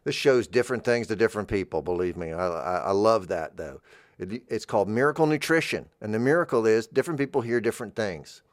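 Low-voiced man musing on the radio. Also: lively intonation, brisk, no echo, clean studio sound. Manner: rambling, gentle, musing. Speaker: radio host. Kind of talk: freeform radio monologue. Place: radio studio.

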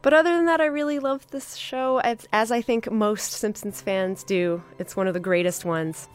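A woman hosting a podcast, reviewing an episode in a casual, enthusiastic way with many fillers and pauses. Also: on the high side, clear, resonant tone, faint music behind. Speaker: podcast host.

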